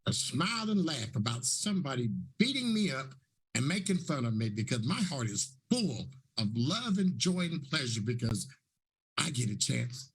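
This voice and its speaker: A man in his fifties with a raspy voice, talking effusively on a panel and repeating encouraging phrases like a preacher. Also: mid-range voice. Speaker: panelist and talk show host. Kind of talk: casual panel talk.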